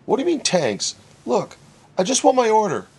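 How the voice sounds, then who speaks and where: A man's voice: high-pitched, huge pitch swings, normal speed, darkish tone, husky, voice pushed up, heavily acted. A man doing a baffled drive-thru customer. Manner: baffled, exasperated. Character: confused, frustrated male drive-thru customer.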